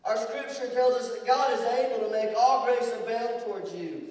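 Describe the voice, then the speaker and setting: A man preaching a sermon as pastor, telling stories with jokes, moving between loud emphasis and quiet asides. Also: very high-pitched, steady tone, normal speed. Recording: echoey hall, distant from the mic.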